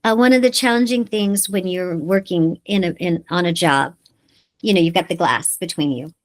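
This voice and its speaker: Middle-aged woman, voice actor guest; animated, laughing storyteller in casual interview. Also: fairly low pitch, normal speed. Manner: lively storyteller who acts out dialogue and laughs often.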